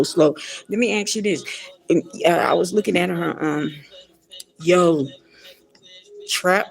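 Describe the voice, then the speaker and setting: A woman with a gravelly, fry-laden voice delivers casual pop culture commentary. She talks bluntly, circles back on her points and sounds exasperated. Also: lowish voice.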